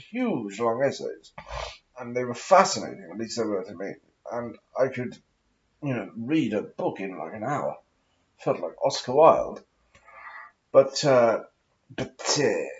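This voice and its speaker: A man's voice: medium pitch, dull audio. Man in a put-on posh voice. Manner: affected posh aristocratic put-on voice; swears often, meandering. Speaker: vlogger. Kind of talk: rambling casual monologue.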